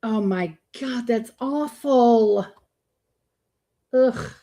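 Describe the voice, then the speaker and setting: A Florida woman hosts a live reaction stream through a streaming microphone, calling out viewers by name and talking bluntly with plenty of swearing and disgusted groans. Her voice sits on the high side, mellow, and extremely slow.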